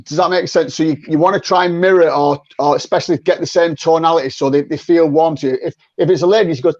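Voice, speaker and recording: A sales coach guests on a podcast in a chatty, conversational interview, often repeating words as he restarts and acting out sample phone calls. His fairly high voice is steady, fast and darkish in tone, in a muffled recording with no echo.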